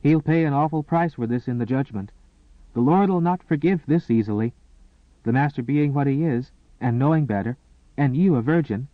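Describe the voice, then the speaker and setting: A man voicing a gentle young maid with a soft Irish brogue. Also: medium pitch, normal speed, no echo, pitched above the performer's own voice, close to an everyday voice. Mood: shocked. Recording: tinny, phone-like and dry.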